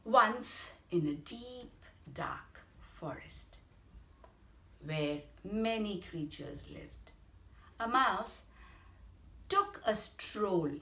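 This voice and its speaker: A woman with an Indian English accent telling a bedtime story to children, animated and explanatory. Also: medium pitch, very slow, pauses often. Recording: roomy echo.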